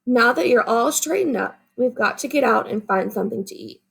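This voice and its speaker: A woman's voice: on the high side, lively intonation, a little fast, creaky, a bit bright, husky, full character voice. A woman voicing a loving mother hyena in a storybook read-aloud, doting and fussy.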